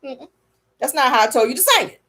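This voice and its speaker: A woman's voice: high-pitched, expressive, fast talker, pushed and bright, pitched above the performer's own voice, full character voice. A woman voicing a controlling, strung-out man in a studio, dismissive and curt. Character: controlling, strung-out male music producer.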